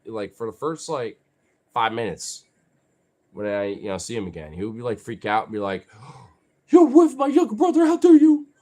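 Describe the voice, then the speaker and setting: A young man vlogging casually, talking to his dogs in a rambling, profane way full of fillers. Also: medium pitch.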